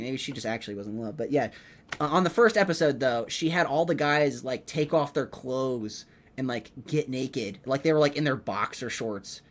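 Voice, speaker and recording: A young man hosting a comedy podcast, rambling in an animated, profane way and filling his talk with "like.". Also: mid-range voice. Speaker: podcast host, rookie stand-up comedian.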